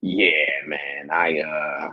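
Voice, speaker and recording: A man's voice: extremely slow, slightly rough, no room sound, highs cut off. A man from Indianapolis, a comedian, telling a story in a casual interview and acting out quoted lines. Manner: animated storyteller, acts out quotes in a much higher voice. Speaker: guest, comedian.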